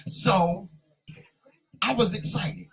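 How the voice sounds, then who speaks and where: A man from North Carolina, chatting casually on his vlog as host, repeating himself and sounding proud and excited. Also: high-pitched, extremely slow, slightly rough, rough recording.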